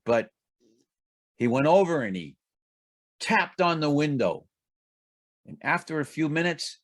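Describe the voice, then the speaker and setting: A man telling a joke at a speaking club, narrating with lively delivery and small restarts. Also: a little high. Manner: animated storytelling with small restarts.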